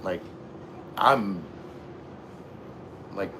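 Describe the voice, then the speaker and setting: A man's voice: low-pitched, very slow, pushed and bright, a little hiss or hum. A man hosting a casual livestream, reading chat messages aloud in a laid-back, slangy, rambling way while having a few drinks.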